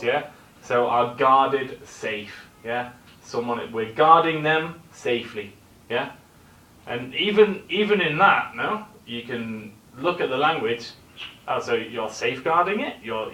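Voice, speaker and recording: A man's voice: medium pitch, bright, forceful tone. A man teaching a vocabulary lesson in a classroom, explaining words and often checking in with the class through tag questions. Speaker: English teacher. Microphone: recorder at a distance. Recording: echoey room recording from far off.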